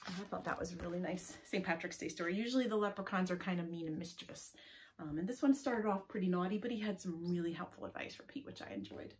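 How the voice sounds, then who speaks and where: A woman librarian leading a children's story time gently, often dropping to a whisper. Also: fairly low pitch, a little hiss or hum. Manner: gentle, often drops to a whisper, drawn-out words.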